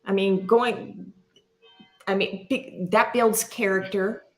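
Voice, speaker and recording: A woman's voice: mid-range voice, fairly even intonation, slow pace. A middle-aged woman hosting a candid chat, blunt and self-mocking, swearing freely. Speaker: podcast host.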